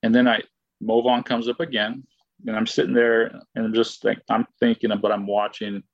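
This former baseball player, a guest, speaks at normal speed in a mid-range, level voice with vocal fry. His long personal story wanders casually through fillers and restarts, with frequent acted-out quotes of what he said and thought; the audio is dry and dull.

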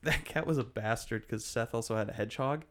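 A man's voice: mid-range voice, brisk. Laughing storytelling podcast host, a man. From Ireland. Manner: laughs often while telling stories. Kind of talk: casual chat.

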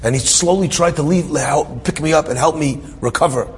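Male preacher with a slightly high voice, emotional storyteller, long hall reverb. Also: moderate pace, slight background noise. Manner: emotional, with frequent restarts and repeated phrases. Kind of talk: dramatic storytelling sermon. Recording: reverberant hall with faint ambience.

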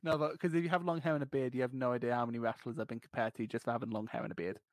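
A man's voice: medium pitch, fairly even intonation, rapid-fire, no room sound. A man with a hard-to-place English accent, co-hosting a casual podcast, swearing freely and laughing through his stories. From Scotland. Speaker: podcast co-host. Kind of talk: casual chat.

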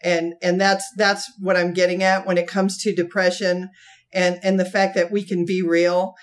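A woman co-hosting a podcast, telling a story in a casual, animated way, laughing often and slipping into acted quotes. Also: fairly low pitch, moderate pace. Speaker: podcast co-host.

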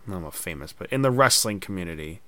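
A man's voice: low-pitched, animated, fast, sharp tone, no echo. A man hosting a casual podcast chat, telling stories animatedly and acting out quoted voices. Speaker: podcast host.

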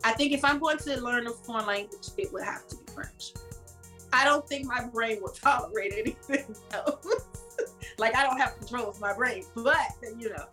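A bright, fairly high-voiced woman co-hosts a podcast, chatting loosely and laughing often. She speaks, and faint music plays behind her. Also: poor audio. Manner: chatty and laughing, drawn-out sign-offs. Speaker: podcast co-host. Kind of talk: casual chat.

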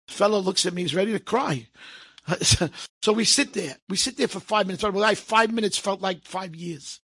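A man telling stories to an audience in a lively way, acting out the people in them and slipping in Hebrew phrases. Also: high voice, normal speed, breathy edge. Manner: lively, acts out quoted speech, sprinkles Hebrew phrases. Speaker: storyteller. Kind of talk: animated storytelling to an audience.

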